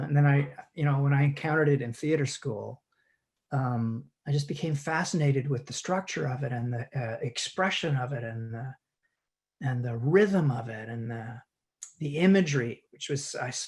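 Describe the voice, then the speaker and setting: Man talking haltingly with many restarts. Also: fairly high pitch. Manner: halting, frequent restarts and repeated words. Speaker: guest actor. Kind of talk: conversational teaching chat.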